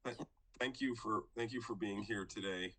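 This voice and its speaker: A person moderating a hearing, briskly thanking speakers and calling on the next one. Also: male voice, on the low side, sharp tone. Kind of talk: running a hearing.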